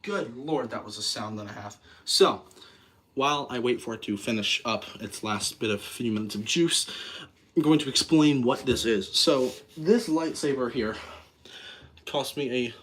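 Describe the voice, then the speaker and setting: A man's voice: mid-range voice, moderate pace, fairly bright tone, a little hiss or hum. A man hosting a casual show-and-tell vlog, rambling and self-correcting, with a self-deprecating, nerdy enthusiasm. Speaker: video host.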